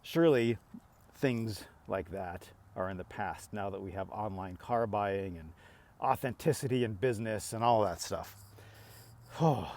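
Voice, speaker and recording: A middle-aged man talks straight to camera in a loose, rambling vlog style. His voice sits a little low, and he stumbles through restarts while acting out both sides of a back-and-forth with plain exasperation. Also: unhurried, darkish tone, slight background noise. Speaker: vlogger. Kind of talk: casual talking-to-camera rant.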